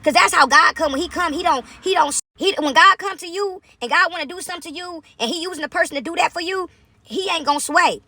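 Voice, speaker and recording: A woman telling a long casual story to her viewers, chatty and animated, tossing in "right?" after almost every point. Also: very high voice, fast talker, no echo. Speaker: vlogger.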